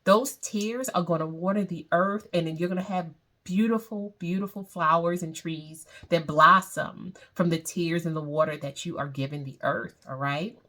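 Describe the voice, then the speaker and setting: A woman's voice: lowish voice, sharp tone. A woman leading a guided meditation, speaking in a soothing, repetitive way. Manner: slow, soothing, repeats phrases.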